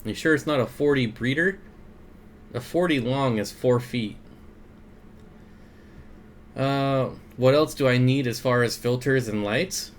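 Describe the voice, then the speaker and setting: Hosting a laid-back aquarium stream, a young man with a mid-range voice speaks unhurriedly, leaving long pauses as he welcomes viewers by name and reads their comments with frequent chuckles. He uses a desk mic, and there's slight background noise.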